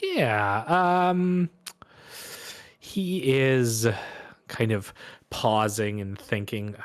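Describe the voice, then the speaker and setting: A man's voice: medium pitch, very slow, pauses often. Casual male game master narrating. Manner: casual, hesitant narration with fillers.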